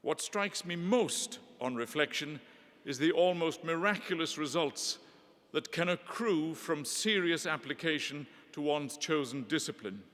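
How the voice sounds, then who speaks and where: Older guy giving a formal speech in a cathedral, kinda high voice, long echo everywhere. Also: lively intonation, a bit bright. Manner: measured, reflective, eloquent. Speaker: honorary graduate giving a speech. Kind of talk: formal ceremonial address. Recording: long reverb of a large hall.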